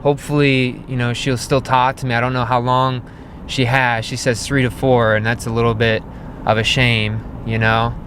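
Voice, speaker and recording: A male pottery vlogger chatting while he drives, with the faint hum of a car behind him. His pitch sits in a plain middle register. He rambles through his story with lots of "like" and "right?". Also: flat delivery, normal speed, a bit bright. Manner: rambling, filler-heavy, frequent "like" and "right?". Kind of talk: casual vlog storytelling.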